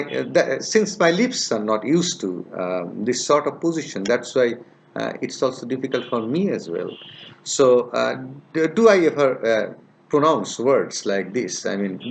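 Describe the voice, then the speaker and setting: Give me a male lecturer who talks slowly and repeats each example sound. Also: medium pitch. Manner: slow and repetitive, repeats example sounds and words many times; hesitant, many "uh" fillers. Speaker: linguistics teacher. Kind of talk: recorded lecture.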